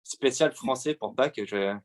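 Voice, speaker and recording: Guest artist, man from France, forties, mid-range voice, halting delivery full of fillers. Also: mid-range voice. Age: 40s. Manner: hesitant, many pauses and fillers. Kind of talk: answering interview questions.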